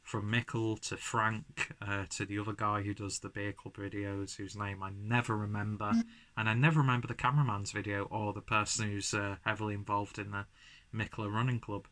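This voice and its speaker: A man's voice: lowish voice, level tone, brisk, bright, forceful tone. A man reviewing a beer at home in a casual vlog, rambling and self-deprecating, slightly buzzed from drinking. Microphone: camera mic, framed from chest up.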